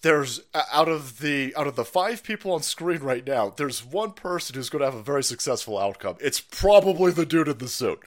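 A man hosting a livestream, ranting with heavy profanity and mockery, swinging from loud outbursts to low mutters. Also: animated, fairly quick, few pauses. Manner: profane, mocking, swings between shouting and muttering, laughs often. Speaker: livestream host. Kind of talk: ranting live commentary.

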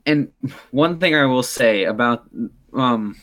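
A man talking about a film on a podcast in a dry, measured way. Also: mid-range voice, animated, a bit bright. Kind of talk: casual film discussion.

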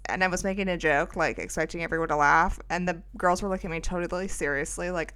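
A middle-aged woman talks through a loose, self-mocking story as a podcast host. Her voice is bright, and her talk is full of fillers and asides. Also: fairly low pitch, quick pace, hardly any pauses. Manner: chatty, rambling, self-mocking, lots of fillers. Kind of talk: casual storytelling monologue.

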